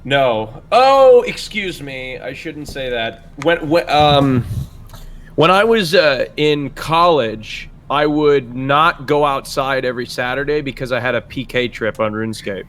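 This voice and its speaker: A man's voice: mid-range voice, animated, measured pace, a bit bright. A man chatting casually, rambling with many restarts. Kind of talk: casual chat.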